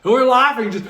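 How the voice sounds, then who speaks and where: A man casually telling a personal story, animated and often breaking into laughter. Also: high voice, reverberant, slight background noise.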